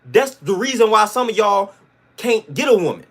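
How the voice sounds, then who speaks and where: Guy ranting on his stream, high-ish voice, blunt, slangy, says it all twice. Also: big pitch swings, normal speed, creaky, fairly bright tone, breathy edge. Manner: emphatic, repetitive, slangy, blunt. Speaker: livestream host. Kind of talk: livestream rant to chat.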